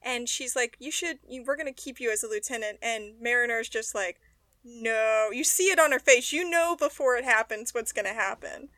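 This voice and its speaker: A young woman co-hosts a podcast in a relaxed, chatty way, quick to laugh. Her voice is bright and sits a little high. The sound is dry and close, with no room echo. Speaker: podcast co-host. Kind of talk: casual chat recapping a TV episode.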